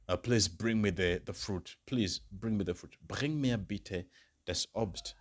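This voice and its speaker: A man tutoring for a beginner German exam, explaining in English and slowly repeating German phrases for learners. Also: fairly low pitch. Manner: patient explainer, checks understanding with "right?" and "okay?". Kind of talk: exam-prep lesson.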